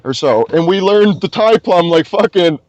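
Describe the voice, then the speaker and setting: A young man from Scotia, a podcast guest telling an animated story and swearing constantly. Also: high-pitched, moderate pace, no room sound, lo-fi sound. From Nova Scotia, Canada. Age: young adult. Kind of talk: casual storytelling.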